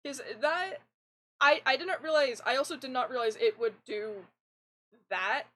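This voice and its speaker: A woman's voice: high voice, measured pace, low-quality recording. A young woman streaming a game, chatting casually with viewers in a rambling way, her voice fairly androgynous, into a desk mic. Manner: rambling, restarts often, animated. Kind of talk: casual live-stream chat.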